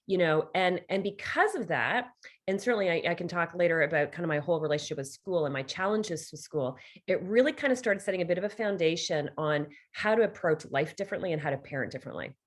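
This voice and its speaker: A middle-aged woman with a Canadian accent, a podcast guest telling stories with lively quoted voices. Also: fairly low pitch, quick pace. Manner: animated storytelling with quoted voices. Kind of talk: podcast interview.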